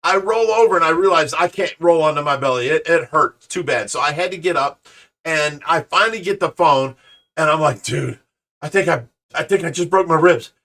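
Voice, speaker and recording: A man hosting a show, telling a story in casual chat, animated and restarting his sentences often. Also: a little high, brisk. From Ohio, USA. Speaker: show host. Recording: voice a bit far from the mic.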